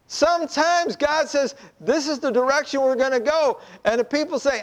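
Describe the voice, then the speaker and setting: Lively high-voiced male preacher. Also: normal speed, hardly any pauses. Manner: animated storytelling, acting out quoted voices. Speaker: pastor. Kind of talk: sermon.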